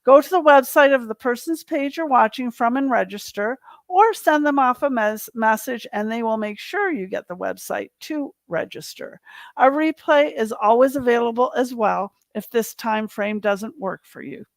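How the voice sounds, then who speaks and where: A woman hosts an online talk and closes it with upbeat, encouraging words. Her fairly high voice sounds close and dry. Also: expressive, normal speed, dry recording. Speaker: host. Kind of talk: online show wrap-up and promo.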